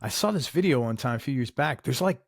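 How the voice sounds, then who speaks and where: A man's voice: mid-range voice, expressive. Supportive male interview host. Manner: supportive, brief affirmations, halting. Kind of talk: casual interview chat.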